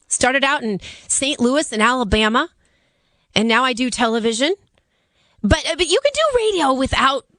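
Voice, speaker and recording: A middle-aged woman hosts talk radio in a raspy voice that is hoarse from laryngitis, pitched a little high. She talks in a chatty, earnest way and often pleads with her listeners. The sound is close and dry, with no room around it. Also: a bit bright, dry recording. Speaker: fill-in radio talk host.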